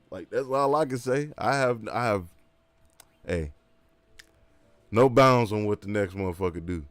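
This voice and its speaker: A man's voice: medium pitch, measured pace, gravelly, long pauses, no room sound. A man streaming a game who chats casually and rants with emphasis, full of slang and repeated asides. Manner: animated, emphatic ranting with slang. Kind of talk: casual livestream chat.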